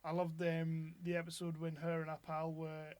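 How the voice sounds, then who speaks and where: A man's voice: a little high, monotone, moderate pace, darkish tone, dry recording. A man hosting a podcast, a blunt, sweary talker with strong opinions. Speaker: podcast host. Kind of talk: casual chat.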